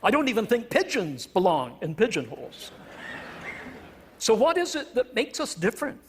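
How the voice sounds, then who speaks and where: Canadian prof guy with a pretty high voice, dry jokey lecture, pokes fun at himself. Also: huge pitch swings, moderate pace, a little hiss or hum. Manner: wry, self-deprecating, playful word choice. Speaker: professor giving a stage talk. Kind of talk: humorous public lecture.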